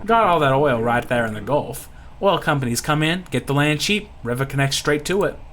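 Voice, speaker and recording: Brief: a streamer doing a folksy Louisiana-drawl oil pirate, lively sing-song delivery. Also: medium pitch, brisk, close to an everyday voice. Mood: gossipy. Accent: put-on Louisiana drawl. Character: gruff fugitive oil pirate man with a drawl. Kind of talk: reading game dialogue aloud.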